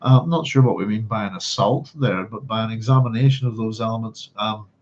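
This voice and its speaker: A brisk man with a lowish, darkish-toned voice hosts a book club livestream where he reads and chats in a loose, rambling way, occasionally humming to himself. His stream audio is a bit dull and lo-fi.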